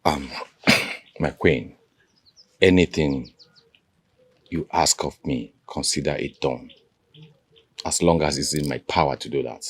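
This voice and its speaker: An actor with a Nigerian accent playing a jovial, boastful king who laughs loudly and teases. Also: slow pace, pauses often, breathy edge, full character voice. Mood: tender. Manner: booming laughter, expansive and teasing. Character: jovial, boastful African king, a grown man.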